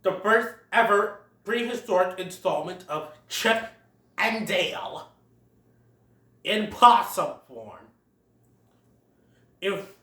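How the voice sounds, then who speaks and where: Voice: mid-range voice, sharp tone. A movie reviewer giving a casual, giggly play-by-play of a cartoon film, recorded in a roomy space away from the mic. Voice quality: chatty, giggly retelling with quoted lines. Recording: roomy echo, distant from mic.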